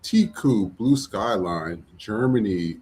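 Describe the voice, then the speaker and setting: A man hosting a live podcast, opening the show with energetic greetings and shout-outs to supporters. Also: on the low side, takes it slowly, a little hiss or hum. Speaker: podcast host.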